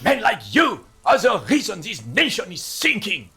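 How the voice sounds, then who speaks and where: A woman voicing a furious old man who shouts insults at his partner. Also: mid-range voice, very animated, moderate pace, faint music behind.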